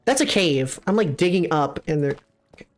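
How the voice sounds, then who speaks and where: A young woman streaming a game live, chatting casually with her viewers, excitable and swearing, often jumping into high squeals. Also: normal speed, faint music behind.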